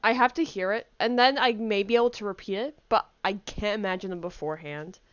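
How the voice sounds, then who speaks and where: A woman streamer chatting casually during a game, with giggly, excitable banter. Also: mid-range voice, a little fast, smooth, highs cut off. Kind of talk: casual gaming stream chat. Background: game music.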